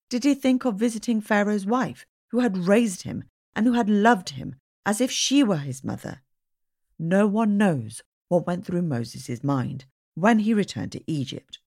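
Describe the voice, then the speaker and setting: Slow, breathy woman reading religious stories. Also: medium pitch, no echo, clean studio sound. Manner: slow, expressive, storytelling reading. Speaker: audiobook reader.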